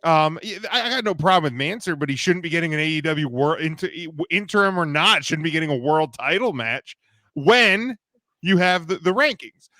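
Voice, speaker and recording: A man's voice: a little high, animated, fairly quick, sharp tone, dry recording. A man co-hosting a casual podcast, talking in rambling, opinionated runs full of restarts. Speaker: podcast co-host. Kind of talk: casual wrestling podcast chat.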